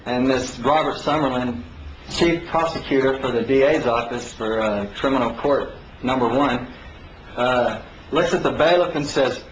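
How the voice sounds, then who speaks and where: A man telling an animated story about his own court case, acting out the people he quotes. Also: medium pitch, a little slow, a little hiss or hum. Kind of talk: anecdotal storytelling talk. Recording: roomy, dull lo-fi 2009 recording.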